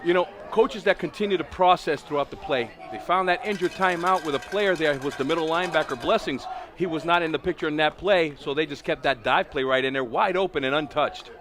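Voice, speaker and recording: A man explains football plays in an easy, agreeable tone. His voice sits a little high, and a crowd is clearly heard behind him. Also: a little fast, few pauses. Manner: relaxed, agreeable, analytical. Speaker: color commentator. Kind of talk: sports color commentary. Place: outdoor stadium with crowd.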